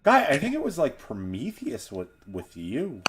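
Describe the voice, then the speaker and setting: Man, casual streamer chat, lively swinging pitch, animated storyteller. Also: moderate pace, background noise. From United States.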